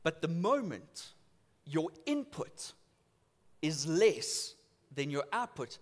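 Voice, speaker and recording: A man's voice: a little high, takes it slowly. A man preaching a sermon in church, telling stories with acted-out voices. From South Africa. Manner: animated storytelling with acted-out voices. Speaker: pastor.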